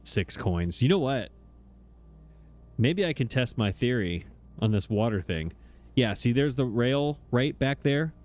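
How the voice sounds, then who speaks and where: A man's voice: mid-range voice, expressive, a little slow, long pauses, darkish tone. A man commenting on his own gameplay, flustered and exasperated, talking to himself. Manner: frustrated, exasperated, talks to himself. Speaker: let's play gamer.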